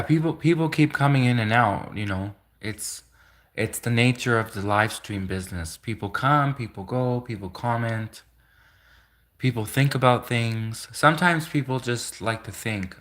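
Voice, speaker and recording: A man's voice: lowish voice, a bit bright. A man talking casually to his live stream chat, rambling and repeating himself, chuckling between remarks.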